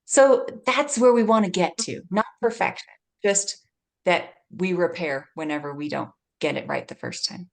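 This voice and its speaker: A woman's voice: on the low side, moderate pace, gravelly. A woman in her forties, a guest speaker giving earnest parenting advice, often laughing and acting out short exchanges. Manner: earnest, laughs often, acts out little dialogues. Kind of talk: warm advice talk.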